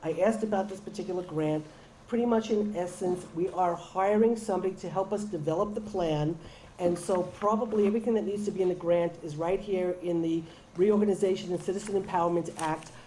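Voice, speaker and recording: A woman's voice: on the low side, a little fast, mellow, slight background noise, rough recording. A woman chairing a public town meeting, firmly keeping the discussion in order. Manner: firm, calls the room to order. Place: municipal meeting room.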